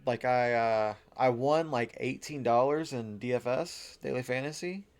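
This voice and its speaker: A man's voice: mid-range voice, measured pace, clean tone. A man co-hosting a casual sports podcast over drinks, loose and swearing, laughing often. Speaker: podcast co-host.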